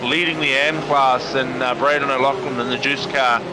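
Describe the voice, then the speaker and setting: A man giving steady, analytical race commentary with many fillers. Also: medium pitch, fairly quick. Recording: noisy background.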